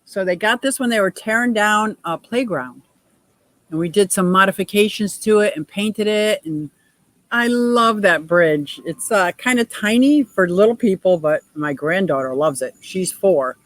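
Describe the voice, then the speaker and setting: A woman's voice: medium pitch, animated, moderate pace, no room sound, poor audio. A middle-aged woman hosting a casual livestream chat, reading out viewer comments and laughing often. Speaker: livestream host.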